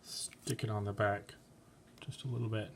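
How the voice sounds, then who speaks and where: Chatty art teacher. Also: male voice, on the low side, little pitch movement, moderate pace, creaky, a little hiss or hum. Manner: chatty, encouraging, playful. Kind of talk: online craft lesson.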